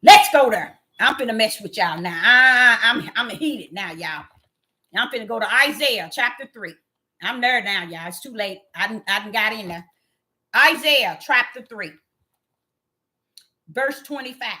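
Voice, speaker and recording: Fiery high-voiced woman preaching. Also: lively intonation, unhurried. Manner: impassioned, addresses listeners as y'all, swings from low murmurs to shouts. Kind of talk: fiery street sermon.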